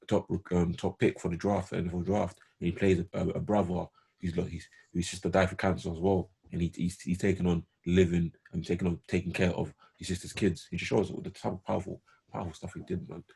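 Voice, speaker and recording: A man's voice: sits low, vocal fry, mellow, slightly rough. A man co-hosting a podcast, chatting casually in a rambling way with many fillers and restarts. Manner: rambling, repeats words, lots of fillers. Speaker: podcast co-host. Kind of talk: casual chat.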